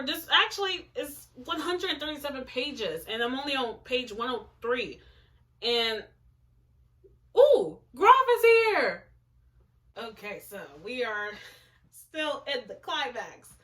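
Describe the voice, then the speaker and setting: A young woman talks slowly through her own clumsy old story, giggling and making sarcastic, overdramatic comments. Her voice is bright and a little high. She sits in her bedroom at some distance from the mic, so she sounds slightly far off. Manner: giggly, mock-dramatic, sarcastic asides. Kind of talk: casual commentary while reading aloud.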